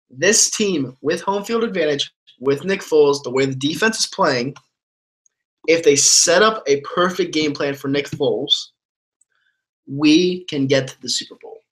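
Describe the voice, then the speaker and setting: Profane ranting young man, bright voice. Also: a little high. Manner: angry, profane, rambling with restarts. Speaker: sports fan streamer answering chat. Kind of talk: ranting live stream commentary.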